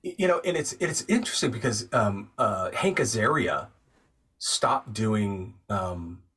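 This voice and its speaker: Appearing as a guest on the show, a male voice actor and narrator calmly and thoughtfully walks through his craft step by step in a casual interview chat. His voice is fairly low, unhurried, and breathy at the edges, picked up from a distance.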